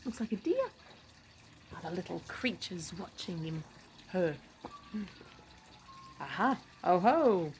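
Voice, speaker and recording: A woman reading a picture book aloud to children, animated, with gasps, hushed asides and questions to the listener. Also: lowish voice, takes it slowly, long pauses, background noise. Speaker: storybook reader.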